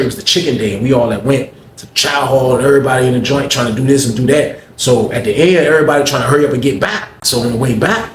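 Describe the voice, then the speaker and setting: A young man, telling a story in a casual way, full of street slang and repeating "man" at the end of his lines. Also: mid-range voice. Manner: laid-back street slang, says "man" a lot, acts out quoted voices. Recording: echoey room with faint hiss.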